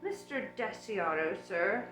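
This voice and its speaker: A woman voicing a hulking, gruff male bodyguard who mutters and whispers, read in a storybook audiobook. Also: mid-range voice, very animated, slow pace, echoey room, soft background music, low-quality recording. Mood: hushed. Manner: hushed whispering.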